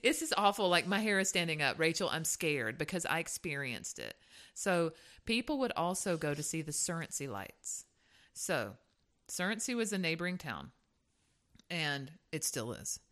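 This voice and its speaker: A Southern woman with a deep, low-set voice chats casually as a co-host. She tells animated stories, swears freely and laughs often. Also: normal speed. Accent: Southern American. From southern Georgia, US. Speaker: podcast co-host. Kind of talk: casual chat.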